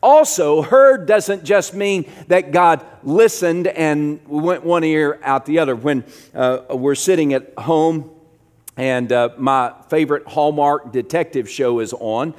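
A middle-aged pastor preaching a sermon, moving from quiet, low passages to loud, emphatic ones, often repeating words as he builds. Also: slow.

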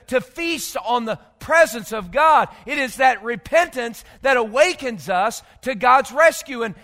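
A male pastor delivering a sermon in a very high, bright, piercing voice. He moves between loud emphatic bursts and low, quiet stretches, often stuttering over repeated words. The sound carries a long hall reverb. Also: vocal fry. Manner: repeats words when gathering thoughts.

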